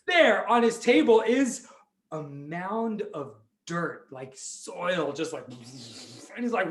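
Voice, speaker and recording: A man telling a story on a video call, lively and full of sound effects and character voices. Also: high-pitched, moderate pace, roomy sound. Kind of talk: animated storytelling for families.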